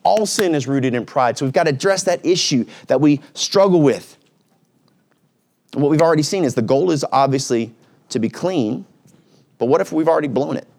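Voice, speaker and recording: A male pastor preaching a sermon in a lively, conversational way, dropping to a quiet low voice at reflective moments. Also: normal speed, gravelly. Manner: energetic, conversational preaching with sudden pitch swings.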